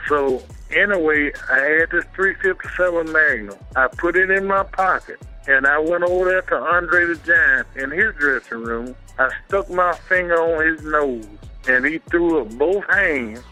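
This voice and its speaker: A man's voice: a little high, measured pace, sharp tone, faint music behind, poor audio. A man telling a personal story in an interview, in blunt, rambling, colloquial speech. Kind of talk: anecdotal storytelling.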